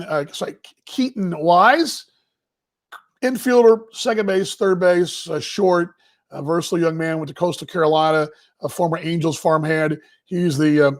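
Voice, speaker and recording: Folksy, rambling man, higher voice. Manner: rambling, folksy, many fillers. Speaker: baseball show host. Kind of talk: casual live-stream chat. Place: family home.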